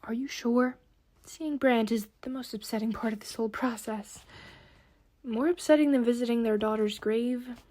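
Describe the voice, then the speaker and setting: A woman voicing a gentle, grieving elf mother who speaks quietly. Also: a little high, fairly even intonation, moderate pace, natural voice.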